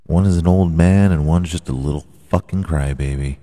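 A man's voice: a bass voice, moderate pace, dark tone, dry recording, clean studio sound. A man hosting a podcast, giving rambling, profane, joking commentary on his own. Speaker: podcast host. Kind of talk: casual solo commentary.

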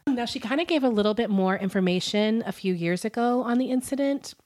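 A woman co-hosting a podcast tells a story in casual chat, giggling, breaking off with laughs and apologies, and filling her speech with "um" and "like." Her voice is fairly high with a darkish tone, and she talks fairly quickly.

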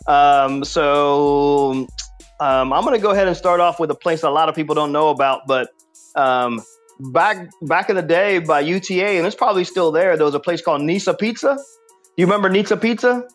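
Rambling guy, slightly high voice. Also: normal speed, faint music behind. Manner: rambling, heavy filler words. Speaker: podcast co-host. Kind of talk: casual chat.

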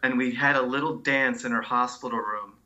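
A man who is an oncologist, speaking as a guest in a conversational interview, telling stories in an animated, expressive way. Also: medium pitch, a little fast, dull audio. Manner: animated, expressive storyteller who acts out sounds and quotes.

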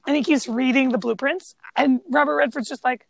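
A woman's voice: high-pitched, fairly even intonation, brisk, gravelly, no room sound. A woman co-hosting a casual film chat, enthusiastic about the scenes she describes. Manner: enthusiastic, laughs easily. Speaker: podcast co-host.

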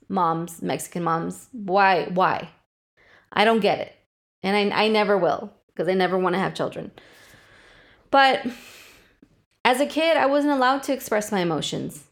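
A woman in her thirties hosting a solo podcast, talking candidly and with plenty of swearing about personal feelings. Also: a little high. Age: 30s. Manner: candid, profane, emotionally open. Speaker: podcast host.

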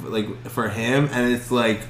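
A man's voice: medium pitch, steady tone, slow, fairly bright tone. A man in his twenties co-hosting a podcast, bantering in a laid-back, joking way with frequent restarts. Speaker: podcast co-host. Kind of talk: casual chat. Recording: roomy echo with faint background ambience.

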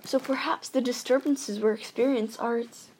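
A woman reading aloud, voicing an eager, chatty young male ghost-hunter who rambles and thinks out loud. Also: a little high, fairly even intonation, moderate pace, a little hiss or hum, lightly acted.

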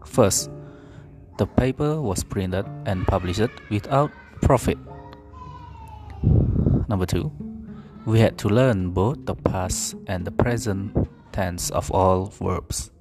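A man reading an English pronunciation drill aloud, carefully and deliberately, with occasional slips and self-corrections. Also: on the low side, over music.

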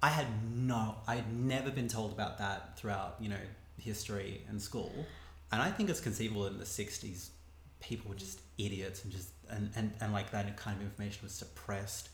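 A man's voice: lowish voice, a little fast, fairly bright tone. A man co-hosting a casual chat, thoughtful, restarting and hedging as he builds a point. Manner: thoughtful, restarts and hedges while building an argument. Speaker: podcast co-host. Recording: roomy echo with faint background noise.

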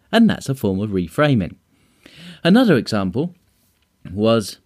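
A man with a fairly low voice hosting a solo podcast in a relaxed, conversational way. He explains concepts and tells short anecdotes to illustrate them. He drops in casual asides and fillers as he goes. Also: no room sound, studio quality. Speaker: podcast host and trainer.

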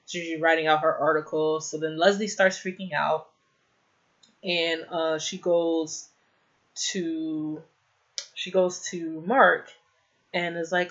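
Low-pitched and steady, with a bit of brightness, her voice moves slowly and leaves long pauses. The young woman rambles through a TV episode recap full of "like," adding exasperated personal takes. The lo-fi recording is slightly dull.

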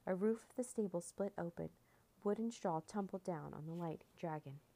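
Gravelly-voiced woman reading a storybook. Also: on the low side, moderate pace, mellow. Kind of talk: reading a children's chapter book aloud.

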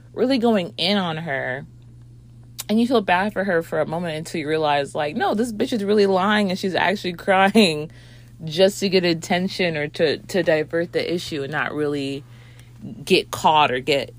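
A woman's voice: deep voice, normal speed. A woman reviewing a movie in a rambling casual chat, with lots of fillers and swearing.

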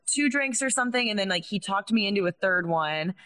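A woman's voice: medium pitch, lively intonation, fairly quick, a bit bright. A young woman, a stand-up comedian, telling a personal story in a casual chat and filling her speech with "like". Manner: chatty, fills speech with "like".

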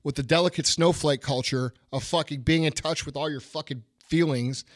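A middle-aged man speaks in a somewhat high voice, blunt and heavy on profanity as he rants. The sound is close and dry, recorded on a studio mic with no room behind it. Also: steady tone, normal speed, no room sound. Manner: blunt, profane, fired-up ranting. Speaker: podcast host. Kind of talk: casual podcast chat.

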